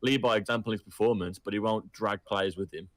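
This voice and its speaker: A man's voice: fairly low pitch, fairly even intonation, fast, no echo. A man co-hosting a casual football podcast over an online call, insistent and keen to move the talk along. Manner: insistent, keeps steering the talk on. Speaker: podcast co-host.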